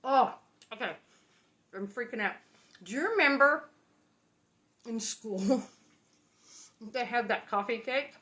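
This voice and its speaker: A woman's voice: a little high, lively intonation, slow, long pauses, sharp tone. Chatty, playful woman in a home kitchen. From Los Angeles. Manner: chatty, playful, exclaims often. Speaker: cooking show host. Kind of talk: casual home cooking demo.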